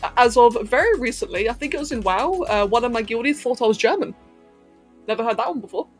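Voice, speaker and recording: A woman from England with a posh London accent, softened by a little Californian, chatting casually and laughing with her chat during a gaming livestream. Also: a little high, animated, fast, breathy edge, faint music behind. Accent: posh London English, slightly Californian-tinged. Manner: chatty, giggly, answers chat while playing.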